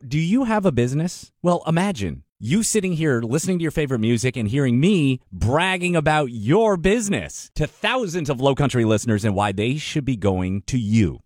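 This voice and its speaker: Lively dry-voiced male radio announcer. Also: no echo. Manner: friendly, salesy pitch. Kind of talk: upbeat radio promo read.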